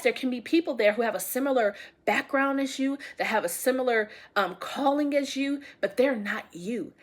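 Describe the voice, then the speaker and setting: A woman giving an intuitive tarot reading to her viewers. She speaks in a casual, emphatic way, repeating key phrases and addressing the audience directly with affectionate encouragement. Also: on the high side. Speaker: tarot reader.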